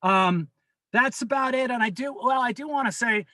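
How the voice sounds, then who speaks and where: A man's voice: very high voice, normal speed, pushed and bright, no room sound. A man speaking as a union representative at a members' meeting over a video call, earnestly pleading and repeating his warnings.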